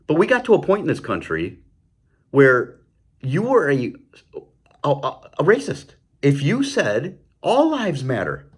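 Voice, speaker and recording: A man's voice: on the high side, huge pitch swings, a little slow, slightly rough. A man hosting his own show, delivering an impassioned political commentary monologue, heated and stumbling over repeated words, with mocking sarcastic asides. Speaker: show host.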